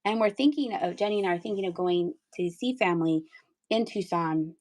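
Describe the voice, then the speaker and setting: A woman's voice: fairly low pitch, a little fast, darkish tone. A middle-aged woman from Pennsylvania hosting a live-stream sale, chatty and playful, with giggles and sing-song asides. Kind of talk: casual live-sale chat.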